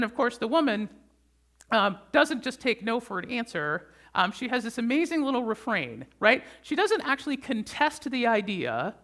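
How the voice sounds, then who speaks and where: A pastor preaching a conversational sermon, often checking in with the congregation with a quick "right?". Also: medium pitch, a bit bright.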